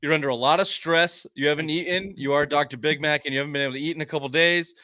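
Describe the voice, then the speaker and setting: Host guy teasing, dry close mic, a bit high. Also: fairly even intonation, quick pace, pushed and bright, no room sound. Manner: teasing, mock-sincere ribbing. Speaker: podcast host. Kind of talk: casual sports podcast banter.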